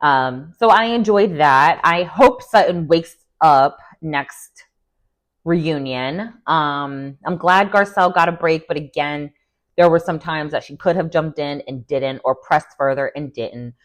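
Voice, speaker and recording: Low-voiced chatty woman recapping a show. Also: unhurried. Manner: chatty, opinionated, quotes people in animated voices. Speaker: recap vlogger. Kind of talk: casual recap commentary.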